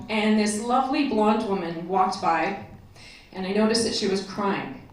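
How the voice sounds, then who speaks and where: A woman's voice: mid-range voice, normal speed. A woman telling a personal story to a convention audience, chatty and openly emotional, laughing now and then. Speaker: convention speaker. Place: convention hall stage. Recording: echoey hall from far off, crowd.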